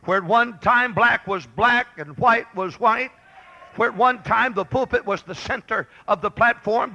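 A man preaching a fiery revival sermon, shouting and thundering in repeated exhortations to a church congregation. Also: high voice, creaky, low-quality recording.

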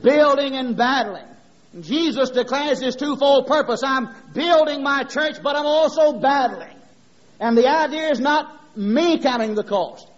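High-voiced impassioned preacher man. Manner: impassioned, rhythmic preaching with homespun stories. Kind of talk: sermon. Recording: dull lo-fi sermon recording.

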